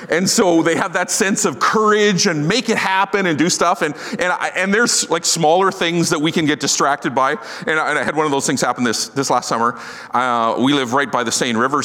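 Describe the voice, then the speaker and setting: A middle-aged man delivers a sermon in a relaxed, joking, self-deprecating way. His voice is bright and sits fairly high for a man. A long reverb from a large hall trails after each phrase. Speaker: pastor.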